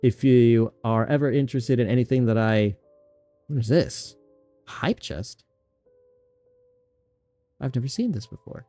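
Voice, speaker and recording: A man's voice: medium pitch, a little slow, long pauses, mellow, dry recording. A young male streamer chats casually through a game, rambling and getting sidetracked as he reads the text aloud. His voice sits in an ordinary middle range. Faint music plays in the background. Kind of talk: casual gaming livestream chat.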